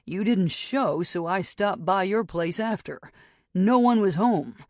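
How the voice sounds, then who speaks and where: A woman's voice: medium pitch, expressive, unhurried, a little mellow, no echo, studio quality, lightly acted. A woman voicing an anxious, caring man who asks urgent, worried questions.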